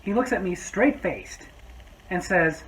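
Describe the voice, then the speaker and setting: A man's voice: high voice, lively intonation, slow, fairly bright tone, poor audio. A man telling a story from his restaurant job in a vlog, with sarcastic, exasperated asides. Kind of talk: storytime monologue.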